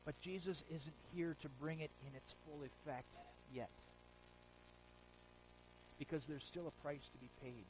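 A man's voice: fairly high pitch, measured pace, pauses often, background noise. A man preaching a sermon, telling stories with animation and repeating phrases for emphasis. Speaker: pastor.

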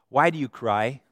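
Dry-voiced preacher, loud to hushed. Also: male voice, mid-range voice, no room sound. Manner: dynamic, swinging from loud emphasis to hushed tenderness. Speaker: pastor. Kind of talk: sermon.

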